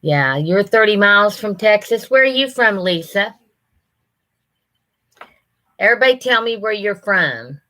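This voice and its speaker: Folksy 60s lady w/ twang, bright voice, chatting w/ her viewers on a livestream. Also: medium pitch, animated, measured pace, long pauses, low-quality recording. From Ohio, USA. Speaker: livestream host. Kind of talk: casual chat reading viewer comments.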